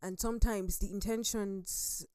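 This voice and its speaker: A woman's voice: mid-range voice, fairly even intonation, a little slow, warm tone, clear, resonant tone, no room sound. A young adult woman sharing personal experiences on a studio talk show. She talks in a reflective, storytelling way. The sound is dry and close. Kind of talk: casual studio chat.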